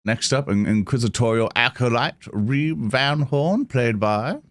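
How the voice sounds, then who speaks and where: A man's voice: medium pitch, expressive, a little slow, dry recording, studio quality. A man hosting a tabletop game podcast in loose, rambling casual chat, laughing often. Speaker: host.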